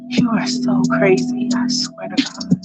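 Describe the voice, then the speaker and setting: A woman's voice: mid-range voice, wildly swooping pitch, unhurried, over loud music. A woman voicing a stunned, flustered grown man who answers in breathless, overwhelmed exclamations.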